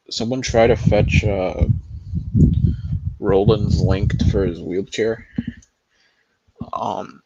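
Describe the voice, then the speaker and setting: A man's voice: lowish voice, gravelly, mellow, breathy edge, dry recording, dull audio. A man hosting a casual livestream, laughing in disbelief, swearing and greeting his chat by name. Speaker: livestream host.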